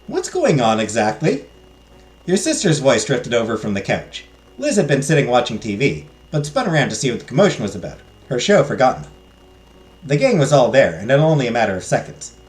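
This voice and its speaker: Expressive man narrating a second-person story. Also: mid-range voice, brisk, echoey room, faint music behind. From Canada. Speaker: audio drama narrator.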